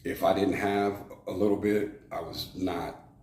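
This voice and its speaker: A man's voice: low voice, fairly even intonation, measured pace, a little mellow. A man from Arizona, a former prison shot caller, telling his life story frankly in an interview, rambling with fillers and restarts. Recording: echoey room with faint noise.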